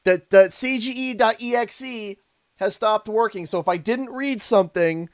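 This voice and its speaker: Canadian guy streaming, kinda high voice, gushy and stammery, dry close sound. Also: moderate pace, no room sound. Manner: emotional and effusive, stammers and repeats himself. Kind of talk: casual live-stream chat.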